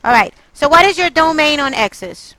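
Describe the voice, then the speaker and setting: A woman math teacher with a high-pitched, animated, sharp-toned voice leads a class at a moderate pace, quizzing students and coaxing answers from them. She turns exasperated, then apologetic. The recording is dry and rough.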